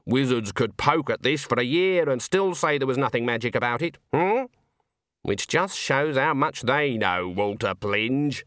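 A man's voice: mid-range voice, expressive, unhurried, fairly bright tone, no echo, clean studio sound. A man voicing a stern, shrewd old witch who talks in a blunt, folksy way. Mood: wry. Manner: folksy, blunt, countrified grammar.

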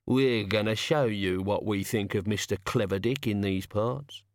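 Brief: man doing a threatening, gruff god, storybook reading, dry sound. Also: fairly low pitch, a little slow, no room sound. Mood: menacing. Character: menacing gruff male god.

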